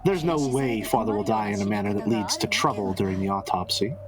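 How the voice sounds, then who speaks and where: A man voicing a sharp-tongued scheming middle-aged woman in a visual novel read-through, needling and mocking, his voice leaping up high. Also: brisk, crowd noise, lightly acted. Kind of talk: dramatic reading of a visual novel. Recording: music playing behind.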